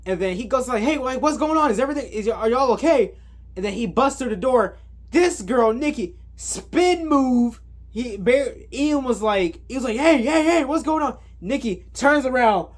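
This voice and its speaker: Young vlogger doing a spoiler movie recap to camera, middle pitch, hyped and rambling, tons of fillers. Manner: excitable, rambling retelling full of slang and fillers. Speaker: movie reviewer. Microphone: camera on a stand.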